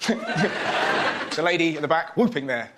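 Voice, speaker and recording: Chatty, high-voiced male comic. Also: animated, slow pace, heavy background noise. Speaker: stand-up comedian. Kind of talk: stand-up routine.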